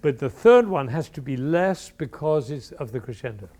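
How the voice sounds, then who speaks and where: A man's voice: medium pitch, lively intonation, moderate pace, mellow. A man coaching a horn player in a class, encouraging and singing phrases aloud to show how they should go. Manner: sings phrases to demonstrate, enthusiastic and encouraging. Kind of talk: masterclass coaching. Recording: live class with horn playing in between. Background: horn playing.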